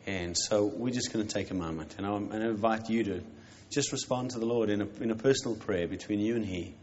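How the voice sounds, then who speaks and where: Low-voiced pastor gently leading prayer. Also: male voice. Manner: gentle, measured, with pauses and fillers. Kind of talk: calm invitation to prayer. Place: church service. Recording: muffled church recording with faint noise.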